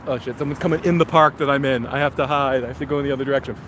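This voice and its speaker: A man's voice: medium pitch, steady tone, racing, few pauses. A man hosting a casual live-stream review while walking outdoors, rambling and correcting himself as he talks. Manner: rambling, self-correcting, chatty. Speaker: host. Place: outdoors in a park. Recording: outdoor traffic noise.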